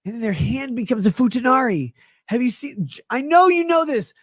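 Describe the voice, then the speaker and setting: Drunk man rambling, husky, dry close sound, wild swings in pitch and loudness. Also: very animated, moderate pace, no room sound. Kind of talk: rambling stream monologue.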